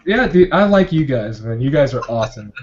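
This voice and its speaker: Brief: male panelist, mid pitch, candid and blunt, casual swearing, muffled video-call sound. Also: sing-song, fairly quick. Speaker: panel member. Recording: dull lo-fi video call audio.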